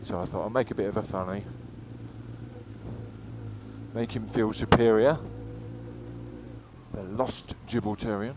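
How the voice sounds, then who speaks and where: A man's voice: lowish voice, normal speed. Chatty English-born man rambling while riding. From England. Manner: rambling and chatty, swears freely. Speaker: motorcycle vlogger. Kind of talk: casual riding commentary. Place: outdoors on a moving motorcycle on the road. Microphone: helmet-mounted action camera. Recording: faint road and engine noise.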